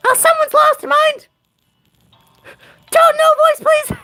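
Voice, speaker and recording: A man putting on a squeaky, shouty toad voice during a game stream, giddy and absurd. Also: level tone, slow pace, soft background music, heavily acted. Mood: manic squeak. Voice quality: very high, strained squeak. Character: squeaky shrieking little toad creature, manic.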